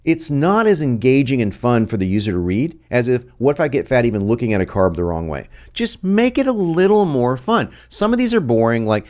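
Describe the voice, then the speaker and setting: A man's voice: medium pitch, big pitch swings, a little fast, hardly any pauses, a little mellow. A middle-aged man giving a casual screen-share lesson on copywriting, laughing often and restarting his sentences. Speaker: copywriting teacher.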